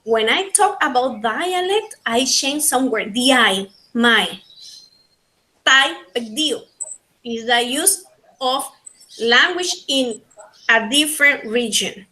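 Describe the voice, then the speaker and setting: A woman with a Panamanian Spanish accent teaching an online linguistics class in English, her second language, repeating key points slowly. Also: high voice, animated, sharp tone, rough recording. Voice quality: slow, repetitive teaching delivery. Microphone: video call.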